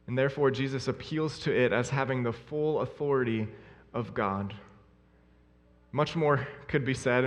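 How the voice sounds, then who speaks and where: A man preaching a sermon in an earnest, emphatic way, repeating his key phrases. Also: medium pitch. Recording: long hall reverb.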